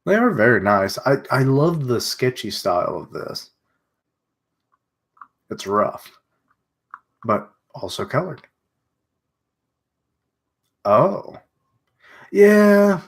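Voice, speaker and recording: A man's voice: medium pitch, sing-song, slow pace, long pauses, a bit bright, slightly rough. A man streaming his reading of a comic, giving chatty commentary and muttering asides as he goes. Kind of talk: casual reading reaction.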